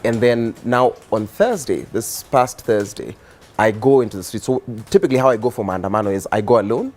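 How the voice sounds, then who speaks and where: A young man with a Kenyan accent, a guest on a talk show, telling his story in a relaxed, rambling way with many fillers. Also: fairly low pitch, brisk. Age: young adult. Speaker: guest, activist and musician. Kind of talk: casual interview storytelling.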